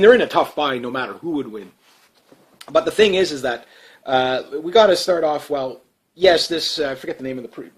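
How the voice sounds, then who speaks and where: A man giving a casual, rambling political rant to his channel's viewers, sarcastic, with chuckling asides. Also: fairly high pitch. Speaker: political commentary vlogger.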